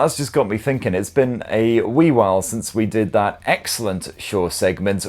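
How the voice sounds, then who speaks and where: A man's voice: low voice, a little mellow. Cheeky, sweary man hosting tech talk. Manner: cheeky, sweary, self-mocking banter. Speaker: tech show host. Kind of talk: casual tech news podcast.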